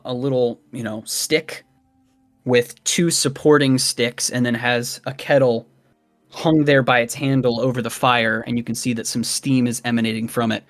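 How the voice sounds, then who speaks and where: Man, dungeon master, slow narration, dry sound. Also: mid-range voice, dry recording. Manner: unhurried scene narration with fillers. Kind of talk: narrating a tabletop game.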